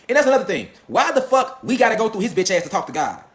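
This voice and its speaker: A man with a high voice rants in a profane, animated monologue. He mocks and jabs with rhetorical questions, his delivery heated and relentless. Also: fast. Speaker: host of a lecture channel.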